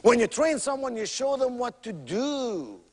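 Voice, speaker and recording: A man's voice: very high-pitched, very animated, measured pace, a little mellow, big-room sound. A man giving a motivational keynote, telling stories with emphatic, theatrical delivery and rhythmic repetition. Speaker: motivational speaker.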